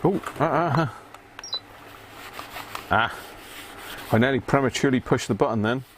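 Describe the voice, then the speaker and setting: A man's voice: medium pitch, normal speed, a bit bright, a little hiss or hum. A man hosting a live stream, chatting casually to viewers by name and muttering to himself as he works. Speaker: live-stream host repairing electronics. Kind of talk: casual live-stream chat while working.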